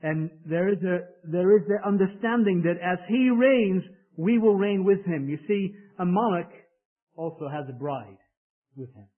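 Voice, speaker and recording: A man from England preaching a sermon in an emphatic style, rising loud and dropping soft. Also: high voice, expressive, normal speed. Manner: emphatic preaching with swells and drops in volume. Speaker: pastor. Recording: tinny phone-like sound.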